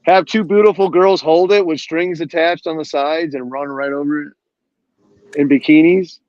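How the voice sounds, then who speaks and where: A man's voice: on the high side, steady tone, normal speed, darkish tone, dry recording. A man showing off comic books in a casual video-call chat, telling stories as he goes. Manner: chatty show-and-tell, storytelling. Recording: dry, dull lo-fi call audio.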